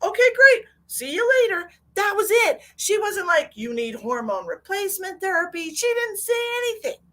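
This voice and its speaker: A woman's voice: very high voice, big pitch swings, moderate pace, sharp tone. A middle-aged woman hosting a livestream, chatting candidly and emotionally, swearing freely and reading out viewer comments. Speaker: psychic medium livestream host. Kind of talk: casual livestream chat.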